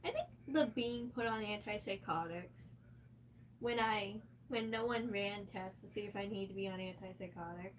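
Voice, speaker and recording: A woman's voice: medium pitch, far from the mic, a little hiss or hum. A distressed woman ranting on a livestream, cursing heavily and talking in an agitated, unscripted way.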